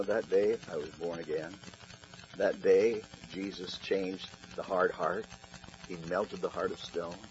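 A male pastor preaching a sermon, telling an earnest personal story. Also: low-pitched. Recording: dull recording with faint hum.

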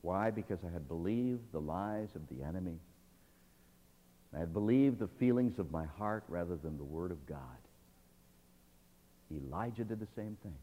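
A man's voice: deep voice, animated, normal speed, pauses often. Preaching man in a reverberant hall. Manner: dramatic swings from hushed to loud. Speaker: pastor. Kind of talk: sermon.

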